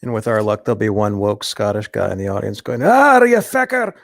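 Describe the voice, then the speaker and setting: A man's voice: fairly low pitch, little pitch movement, quick pace, vocal fry, no room sound. A man in a casual podcast chat, teasing the others with dry humor. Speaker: podcast co-host.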